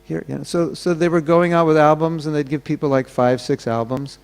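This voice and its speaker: Gravelly man giving a sermon. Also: on the high side, steady tone, fairly quick, a little mellow. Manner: storytelling, acting out quoted voices. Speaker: temple speaker.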